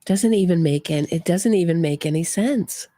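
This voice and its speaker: A woman's voice: lowish voice, moderate pace, dark tone, dry recording. A woman hosting a true crime commentary, talking casually and sarcastically with frequent restarts. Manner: opinionated, sarcastic, trailing restarts.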